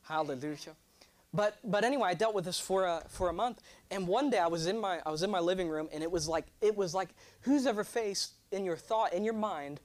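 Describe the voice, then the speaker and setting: A young man preaching a sermon, animated and joking, drawing responses from his congregation. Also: sits high. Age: 20s. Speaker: pastor.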